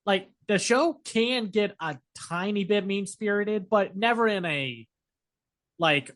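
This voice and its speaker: A chatty man co-hosting a podcast, his voice sitting a little high for a man. He talks in an animated, rambling way, full of fillers and quick asides. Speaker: podcast co-host. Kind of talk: casual chat.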